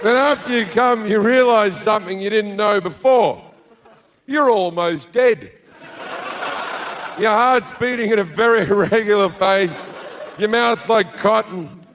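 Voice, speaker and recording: A man's voice: high-pitched, a little slow, fairly bright tone. An Australian man doing a stand-up set on a theatre stage, telling a crude story in a laid-back way and acting out the quotes. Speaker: stand-up comedian. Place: large theatre stage with live audience.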